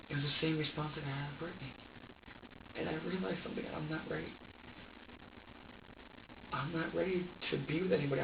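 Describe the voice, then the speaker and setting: A distressed man being questioned in an interrogation room, talking in halting, repetitive bursts and swearing often. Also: a little high, creaky, background noise. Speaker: interrogation suspect. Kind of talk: emotional confession under questioning. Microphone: security camera from a distance. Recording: dull roomy distant security-camera audio.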